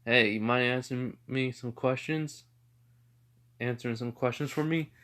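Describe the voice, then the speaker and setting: A fearless, calm teenage demon slayer who speaks in a flat, offhand way, read by a man in his ordinary speaking voice. He sounds matter-of-fact even when he threatens. This is a casual homemade fan story. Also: medium pitch, normal speed, close to an everyday voice. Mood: calm, pressing.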